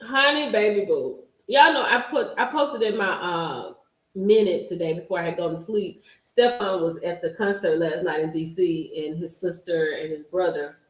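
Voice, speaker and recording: A woman's voice: lowish voice, normal speed. A woman in her forties hosting a live stream, chatting casually and telling stories straight to her viewers. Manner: chatty storyteller addressing viewers directly. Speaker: livestream host. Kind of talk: casual gossip livestream chat. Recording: roomy echo.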